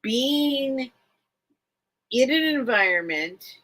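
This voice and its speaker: Woman, live-stream host, slow unhurried talk, bright tense tone, rambling, emotional, repeats herself. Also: mid-range voice, lively intonation. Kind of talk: casual live-stream chat with viewers.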